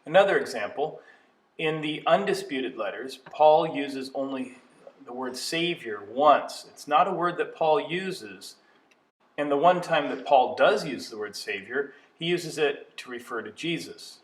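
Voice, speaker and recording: A man's voice: a little high, expressive. Man lecturing in an echoey room. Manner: measured, explanatory, slows to stress key terms. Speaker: teacher of biblical studies. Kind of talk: educational video lecture. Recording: echoey room, mic at a distance.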